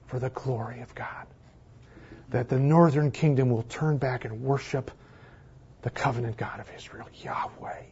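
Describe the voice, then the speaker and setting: A man preaching a sermon in a church, swinging between loud exclamations and hushed near-whispers. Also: mid-range voice, breathy edge, muffled recording. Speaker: pastor.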